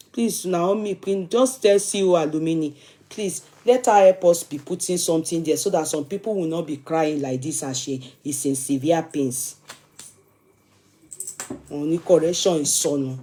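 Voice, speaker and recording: A woman's voice: fairly low pitch, moderate pace, warm tone. A Nigerian woman hosting a casual live stream, talking emphatically and repeating herself, often in a pleading tone.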